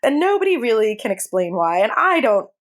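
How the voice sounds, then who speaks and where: A woman's voice: a little high, very animated, fairly quick. A woman, a hospice chaplain, candidly telling a personal story as a podcast guest, often laughing as she talks. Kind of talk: conversational storytelling.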